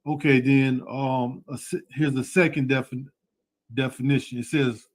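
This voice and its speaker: A man's voice: medium pitch, level tone, moderate pace. Man chiming in on a scripture call. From United States. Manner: affirms with repeated "come, come", loose and wordy. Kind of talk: online scripture class.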